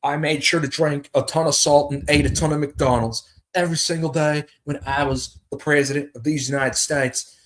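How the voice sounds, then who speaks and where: A man doing an impression of an older former president giving a drawn-out, speechifying campaign talk. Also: fairly high pitch, fairly even intonation, voice pushed up, natural voice. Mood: mock-presidential. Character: older male ex-president, folksy campaign speaker.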